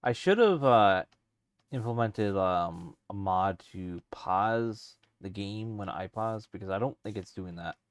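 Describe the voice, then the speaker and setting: A man's voice: fairly low pitch, expressive, a little slow, dry recording. A man streaming a let's play, rambling casually as he thinks aloud with lots of fillers. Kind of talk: casual let's-play commentary while gaming.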